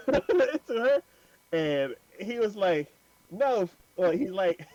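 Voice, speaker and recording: A man's voice: on the high side, no room sound, highs cut off. A man hosting an anime podcast, retelling an episode in casual chat with lots of fillers and laughter. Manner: animated storytelling with many fillers and laughs.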